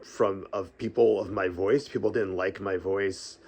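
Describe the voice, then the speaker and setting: A middle-aged man talking casually about podcasting, rambling with fillers and restarts, laughing often and letting out a breathy sigh after long phrases. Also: sits low, fairly even intonation, a little slow, darkish tone. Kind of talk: casual vlog talk.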